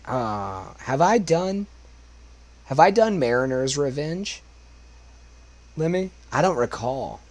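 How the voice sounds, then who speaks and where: A young karaoke streamer chats loosely with his viewers between songs, rambling and swearing a lot. His smoke-worn voice is a little high and sing-song with a darkish tone, and he takes it slowly with frequent pauses.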